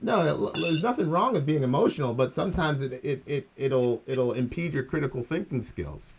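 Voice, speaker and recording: A middle-aged man on a call-in line keeps a level, insistent tone, questioning the host point by point. His voice sits a little higher than most men's. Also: normal speed, breathy edge. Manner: calm, insistent, probing questions. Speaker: caller. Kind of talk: call-in debate.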